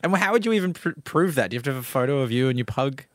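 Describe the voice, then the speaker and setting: A man's voice: mid-range voice, lively intonation, no room sound, studio quality. A man co-hosting a comedy podcast, teasing and joking in casual chat and laughing often. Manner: quick, teasing, laughs a lot. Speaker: podcast co-host.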